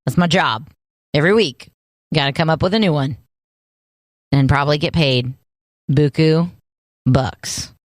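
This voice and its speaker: A woman's voice: sits low, unhurried, pauses often, dry recording, studio quality, voice pushed down. A woman voicing a cheerful man who brags about making sitcom theme mouth noises, in a playful tone. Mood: boastful.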